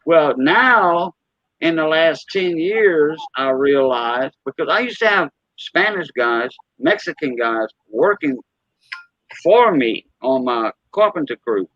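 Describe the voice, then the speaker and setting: A Cajun man in his fifties talks in a folksy, rambling way and laughs easily. His voice is fairly high and swings widely in pitch. The sound is dry and dull, with a lo-fi edge. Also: animated, takes it slowly, fairly bright tone, dry recording. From Louisiana. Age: 50s. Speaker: host. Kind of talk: casual chat.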